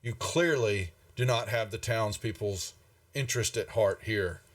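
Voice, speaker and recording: A man's voice: lowish voice, unhurried, distant mic, close to an everyday voice. A man voicing a stern older male knight who speaks firmly and commands authority. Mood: scornful. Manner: firm, commanding.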